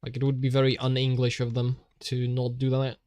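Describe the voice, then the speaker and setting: A man's voice: medium pitch, monotone, fairly quick, darkish tone, no echo. A man streaming while he draws, rambling in a jokey way and often laughing.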